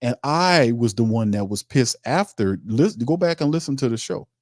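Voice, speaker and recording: A man hosts a sports talk stream, reading chat comments and ranting emphatically in informal, streetwise speech. His mid-range voice is expressive and a little mellow at a moderate pace, recorded with clean, dry studio sound.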